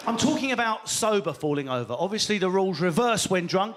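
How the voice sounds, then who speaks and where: A British man performing a stand-up comedy set, animated and swearing as he acts out characters. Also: high voice, quick pace, a little hiss or hum. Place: live comedy venue with audience.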